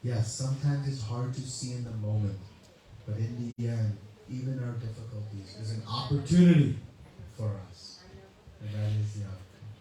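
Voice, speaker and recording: In an echoey hall with a distant mic and faint ambience, a man who teaches spirituality tells a story as part of a relaxed sermon, peppered with "you know." His voice is mid-range and warm at normal speed.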